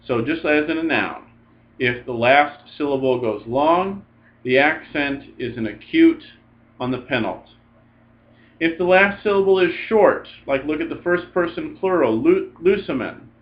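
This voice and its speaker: A man of middle pitch teaches a recorded lesson step by step, saying each word twice before he gives its meaning. His voice comes through a dull, lo-fi recording. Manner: methodical, repeats each word. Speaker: Greek teacher. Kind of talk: recorded lecture. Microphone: recorded for a video lesson.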